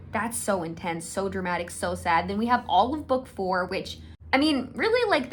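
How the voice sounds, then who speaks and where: A young woman gushing through a casual fan rant, excitable and quick to swear. She takes her time, drawing her words out slowly. Her pitch sits in the middle of the range. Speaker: video creator.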